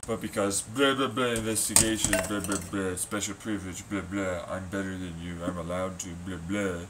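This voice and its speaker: A man ranting in a sarcastic, scornful, profane monologue, swinging between muttering and loud shouting. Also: sits low, fairly even intonation, moderate pace, background noise. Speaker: vlogger.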